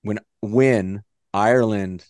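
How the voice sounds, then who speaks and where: A man co-hosting a podcast in casual chat, animated and swearing freely as he jokes around. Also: fairly low pitch, slow, no room sound, studio quality. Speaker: podcast co-host.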